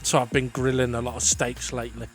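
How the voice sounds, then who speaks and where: A man hosting a sim racing league show, calling the results and trading jokes with a co-host, excitable and full of fillers. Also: medium pitch, quick pace. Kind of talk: casual race commentary and banter.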